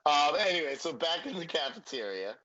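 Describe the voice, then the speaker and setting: A man's voice: a little high, very animated, fairly quick, sharp tone. Joking man, dull lo-fi podcast sound. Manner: joking, profane, acts out quotes. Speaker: podcast co-host. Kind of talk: casual recap chat.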